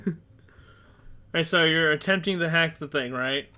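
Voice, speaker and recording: A man running an online tabletop game as game master, relaxed and laughing often as he narrates. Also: on the high side, moderate pace, a crowd in the background.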